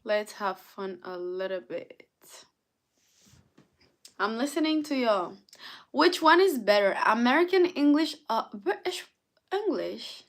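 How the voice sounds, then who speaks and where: A woman's voice: fairly high pitch, lively intonation, measured pace, long pauses. A young woman hosting a casual live stream, chatting, greeting viewers by name and answering their comments. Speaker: livestream host.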